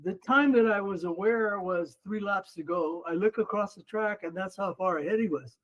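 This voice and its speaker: A man in his seventies, a former runner and coach, telling stories as a guest on an interview podcast in a lively, animated way. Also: sits high, moderate pace, highs cut off. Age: 70s. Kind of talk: casual storytelling interview.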